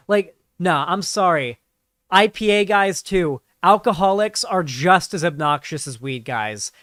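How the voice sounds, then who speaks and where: Rambling, smooth-voiced male streamer. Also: sits high, expressive, measured pace, a bit bright, no echo, clean studio sound. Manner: rambling, profane, lots of fillers. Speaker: streamer and political commentator. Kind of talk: casual live-stream commentary.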